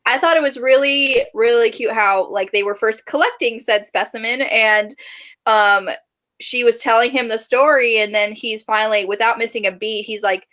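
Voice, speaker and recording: A woman's voice: a little high, normal speed, a bit bright. A woman co-hosting a casual book club chat. She is chatty, giggles often and fills her speech with "like" and "you know".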